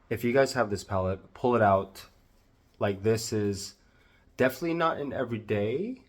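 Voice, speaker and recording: A man with a Southern US accent narrating a makeup tutorial, gushing with drawn-out exclamations. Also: on the low side, noisy background. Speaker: makeup vlogger.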